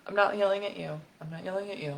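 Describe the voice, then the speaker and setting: A woman health expert giving an animated talk on camera, getting fired up and laughing as she explains while sketching on a board. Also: lowish voice, fast talker, vocal fry. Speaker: women's health and hormone expert. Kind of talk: educational video talk.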